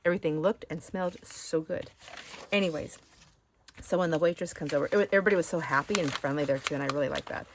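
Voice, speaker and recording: A woman's voice: sits low, fast, a little hiss or hum. A woman hosting a casual show-and-share of thrift finds, chatty and rambling, easily sidetracked. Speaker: craft channel host.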